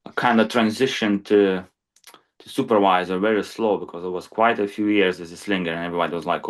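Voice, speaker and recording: A man's voice: deep voice, fairly even intonation, quick pace. A man who is a crane supervisor, talking in casual podcast chat, plain-spoken and peppered with "you know".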